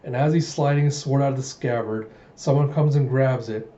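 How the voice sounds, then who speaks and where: A man casually narrating a comic readthrough, chatty and full of asides. His voice is very mellow and dark, and his pitch sits in the middle. The recording is roomy and slightly dull. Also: normal speed. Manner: chatty, retelling with many "he's like" asides. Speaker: comic reader and reviewer.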